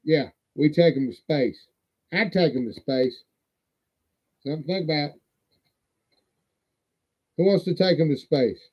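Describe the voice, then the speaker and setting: A man's voice: fairly high pitch, a little slow, long pauses, slightly rough. Folksy, cussing man on a lo-fi stream. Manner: folksy, profane, rambling. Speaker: livestream host. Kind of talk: casual livestream show-and-tell. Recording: dull lo-fi stream audio.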